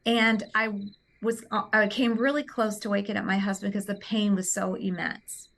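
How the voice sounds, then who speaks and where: A woman's voice: medium pitch, moderate pace. Earnest woman telling a personal story. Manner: earnest, lively retelling with many "you know"s. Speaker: guest.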